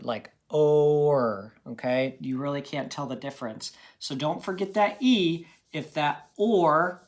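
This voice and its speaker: A man teaching a phonics lesson to children, patient and encouraging, checking in often with "okay?". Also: a little high.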